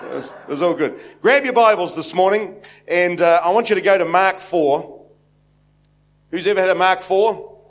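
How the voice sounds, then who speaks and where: A man from New Zealand with a New Zealand accent, preaching with a slightly high-pitched voice. He tells stories in a loose, meandering way, circling back with fillers and restarts before settling into the scripture. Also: moderate pace. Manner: rambling, anecdotal, many restarts and fillers. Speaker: pastor. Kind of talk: sermon. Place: church hall with congregation.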